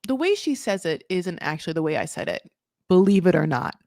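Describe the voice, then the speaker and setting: A woman hosting a comedic recap of a reality show, talking in an animated, jokey way, laughing often and acting out what people said. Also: on the low side, a little fast, no echo, clean studio sound.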